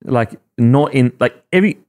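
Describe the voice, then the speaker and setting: A man's voice: medium pitch, moderate pace, a little mellow. An Australian man, a former rugby league player, talking earnestly and rambling with lots of restarts as a podcast guest. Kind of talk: casual podcast chat.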